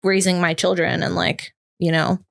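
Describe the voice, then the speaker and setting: A woman's voice: lowish voice, flat delivery, moderate pace, vocal fry, fairly bright tone. A woman guest on a podcast, talking reflectively with lots of "like" and getting emotional. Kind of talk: casual chat.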